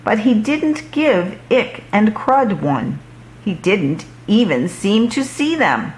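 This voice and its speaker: Slow, expressive woman reading aloud. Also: medium pitch, slight background noise. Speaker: children's book reader. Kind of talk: children's read-aloud.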